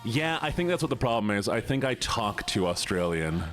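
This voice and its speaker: A man's voice: fairly low pitch, very animated, fairly quick, fairly bright tone, soft background music. A man live streaming a game, chatting playfully with his viewers and teasing them. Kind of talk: casual live-stream chat while playing a game.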